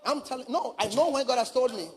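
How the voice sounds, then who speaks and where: High-voiced fast emphatic male preacher. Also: breathy edge. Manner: emphatic, repetitive, rhetorical questions. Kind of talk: fiery sermon with live interpreter.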